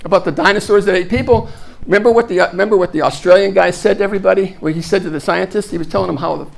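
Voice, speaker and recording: High, gravelly man leading a live talk. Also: very fast. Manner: energetic, instructive, repeats phrases. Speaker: speaker leading an audience exercise.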